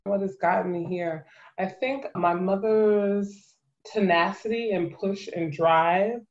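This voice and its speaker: Woman in her 30s telling her story in an interview, lively, acts out quotes, kinda muffled lo-fi sound. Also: mid-range voice, slow. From New Jersey. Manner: animated storytelling with laughs and acted-out quotes. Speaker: guest. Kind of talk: conversational interview. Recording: muffled lo-fi audio.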